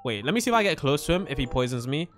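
A young man narrating a Minecraft let's play, excitable, yelping and screaming when startled. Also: on the high side, racing, soft background music. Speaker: gaming channel host.

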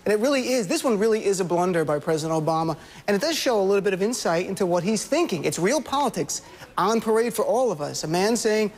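Male comic pundit, rapid-fire, husky, jokey, argumentative. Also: high voice. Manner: fast, animated, joking argument. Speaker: comedian and political commentator. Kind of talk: TV news panel commentary.

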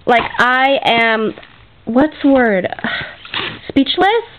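A woman's voice: fairly high pitch, unhurried, a little hiss or hum. Gushing, fillers-heavy woman on lo-fi video. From Canada. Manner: gushing, grateful, chatty with many fillers. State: emotional, near tears. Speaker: craft vlogger. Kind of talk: casual unboxing vlog. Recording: dull lo-fi home video audio.

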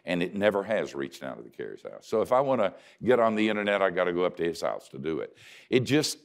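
An older man, a pastor, telling a story in a sermon with dry self-mocking humor, swinging from loud emphasis to hushed quiet. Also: sits low, big pitch swings, quick pace, vocal fry.

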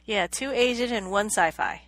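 A woman's voice: mid-range voice, normal speed, fairly bright tone, no echo. A woman co-hosting a podcast in casual chat, hesitant, often repeating words and laughing. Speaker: podcast co-host.

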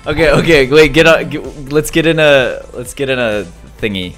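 A man who makes gaming videos, talking casually with a friend on a voice call and blurting out short, excitable reactions. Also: a little high, normal speed, faint music behind. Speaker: gaming YouTuber and streamer.

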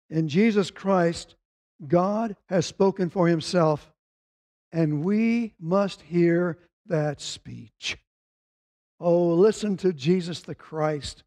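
High-voiced preacher giving a sermon. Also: male voice, slow, dark tone. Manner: reads scripture aloud, quoting voices with rising emphasis. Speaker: pastor.

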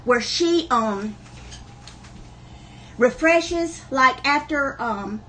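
Chatty high-voiced woman. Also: animated, very slow, sharp tone, a little hiss or hum. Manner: chatty, folksy, greets viewers by name. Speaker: live sale host. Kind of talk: livestream chat. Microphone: camera on a wobbly tripod.

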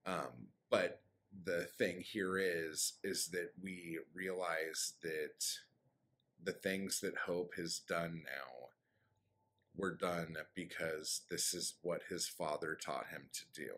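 Very deep-voiced man, slow rambling recap. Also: a bit bright. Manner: loose and rambling, many "um" and "like" fillers, blunt swearing. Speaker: author summarizing his story. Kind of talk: casual spoken recap.

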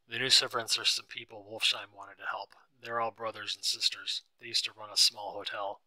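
A man's voice: fairly low pitch, flat delivery, moderate pace, pushed and bright, dry recording, poor audio. A man reading as a polite, guarded rich young man. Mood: calm.

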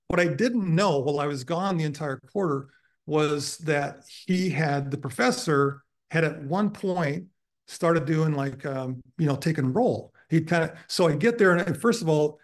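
A man in his sixties giving a guest lecture, telling long self-deprecating stories with many fillers. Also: fairly high pitch. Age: 60s. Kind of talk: anecdotal lecture storytelling. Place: university lecture room.

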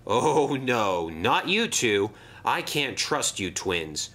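A man voicing a cheeky prankster steam engine in a lifted, sly, quick voice. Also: medium pitch, big pitch swings, fairly bright tone, heavily acted.

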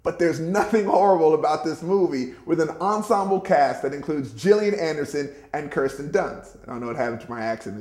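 A man hosting a casual movie trailer review, talking in a deliberately bad mock English accent. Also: fairly high pitch, a little mellow. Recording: echoey room.

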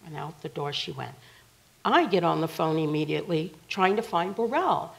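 A woman's voice: sits low, lively intonation, normal speed, creaky, rough recording. A woman, a guest mother, recounting a personal story in a TV interview in a casual, vivid way.

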